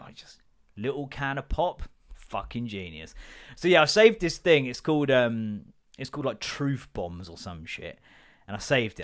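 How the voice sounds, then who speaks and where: Low-sitting but fairly bright in tone, the voice belongs to a man in his thirties hosting a casual solo podcast. He jokes and swears through his stories, now and then adopting mock voices.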